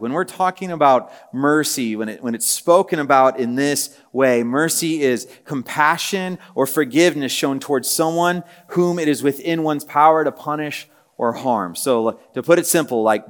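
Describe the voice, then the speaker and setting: A man preaching a casual teaching sermon, his mid-pitched voice carrying a long reverb through the hall. He talks conversationally, full of "like" and "right?", then builds to emphatic, repeated phrases.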